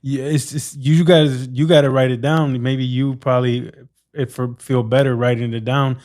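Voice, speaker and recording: A man's voice: medium pitch, flat delivery, normal speed, darkish tone. A man hosting a podcast interview, chatting casually and encouraging his guest. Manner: encouraging, lots of short affirmations. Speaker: podcast host.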